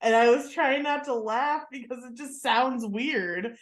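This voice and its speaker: A woman's voice: fairly high pitch, unhurried, roomy sound. Chatty laughing woman podcast co-host. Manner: chatty storyteller, lots of "like" and laughs. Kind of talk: casual chat.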